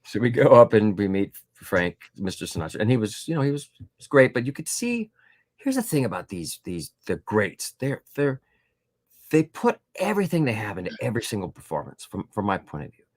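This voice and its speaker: A middle-aged guest author tells stories in a casual, rambling interview, his low voice brisk and enlivened by small voiced impressions and plenty of fillers. The recording is dry and close, without any room sound.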